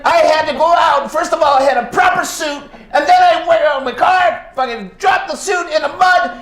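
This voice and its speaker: A hot-tempered man bellows his excuses at a judge in a high, strained voice, cursing as he goes. The sound bounces around an echoey pub room. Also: a little fast. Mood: angry ranting. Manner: shouting, profane ranting.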